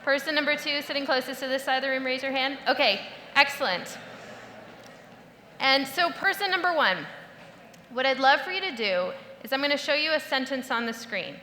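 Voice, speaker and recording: A woman giving a lively talk to a live audience, playful and instructive, acting out the voices she quotes. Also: high-pitched, normal speed, slight background noise. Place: large hall before a live audience. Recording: echoey hall with long reverb, faint ambience.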